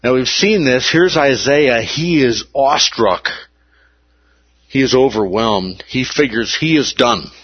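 A man's voice: medium pitch, animated, measured pace, breathy edge, no echo, highs cut off. A man preaching a sermon, emphatic and repeating key words for weight.

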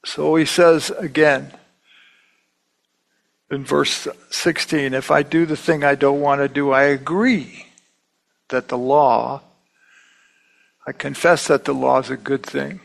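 A man's voice: mid-range voice, fairly even intonation, takes it slowly, creaky, long pauses, poor audio. A middle-aged man teaching a Bible class in a conversational way, repeating himself and acting out the quotes he reads. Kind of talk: sermon.

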